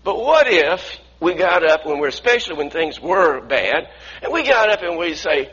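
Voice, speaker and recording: A man's voice: a little high, very animated, normal speed, a bit bright, breathy edge, highs cut off. A man preaching a sermon earnestly, often restarting phrases and asking the congregation to repeat lines after him.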